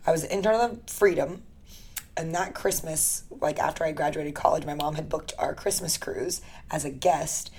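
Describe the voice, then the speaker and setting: Young woman, low voice, bubbly and teasing, casual podcast co-host. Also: normal speed, darkish tone, husky. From United States. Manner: bubbly, teasing, laughs often. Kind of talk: casual chat.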